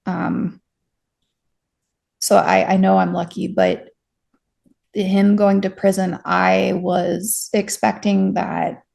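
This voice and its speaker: A woman's voice: mid-range voice, little pitch movement, slow pace, creaky, pauses often, darkish tone. A young woman being interviewed, recounting her experience frankly, with self-deprecating humor and many restarts. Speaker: interview guest, stalking survivor. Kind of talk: candid conversational storytelling.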